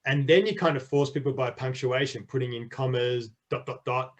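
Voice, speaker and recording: A man's voice: mid-range voice, steady tone, moderate pace. A middle-aged man, a children's author, chatting enthusiastically in an interview with frequent restarts. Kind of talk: casual interview chat.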